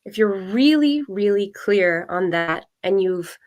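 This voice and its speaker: A woman speaking as a guest coach, giving clear, practical advice in a measured way. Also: medium pitch, animated, darkish tone. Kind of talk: advice in an interview.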